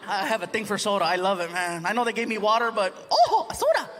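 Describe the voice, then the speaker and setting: A man performing a stand-up comedy set on a live stage, animated and laughing often, slipping into voices for his bits. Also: high voice, quick pace, a faint crowd. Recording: live show with audience noise.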